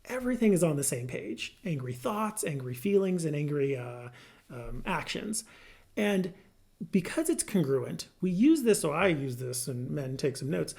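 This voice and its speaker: A man, a licensed marriage and family therapist, explaining a therapy method to viewers in a lively, good-humored way. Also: on the high side, moderate pace, gravelly. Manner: lively, good-humored, laughs through personal example. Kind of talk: educational explainer to camera.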